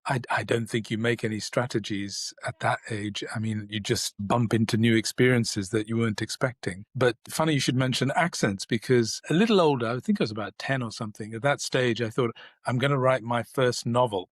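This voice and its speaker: A man in his sixties speaks with a standard British accent, measured and reflective, with small restarts as he thinks. His voice sits in a middle register and the sound is dry and close. He talks as a guest in an unhurried interview. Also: medium pitch, husky, no room sound. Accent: standard British English. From South Asia, raised in the United Kingdom. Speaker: guest, neurologist. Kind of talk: thoughtful conversational interview.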